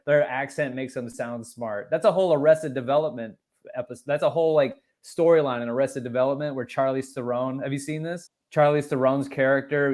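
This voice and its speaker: A male podcast co-host with a mid-range voice. He chats casually and tells animated stories, swearing a lot as he goes. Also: mid-range voice. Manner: profane, animated storytelling. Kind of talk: casual comedic chat.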